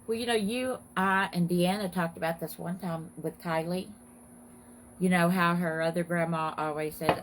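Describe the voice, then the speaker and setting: A woman's voice: fairly low pitch, steady tone, normal speed, a little hiss or hum, low-quality recording. A woman joining a casual chat, speaking in a chatty, encouraging way.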